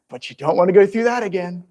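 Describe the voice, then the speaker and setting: A man's voice: sits high, dark tone. A man giving a conversational Bible teaching to viewers at home, asking the audience questions and restarting phrases as he goes.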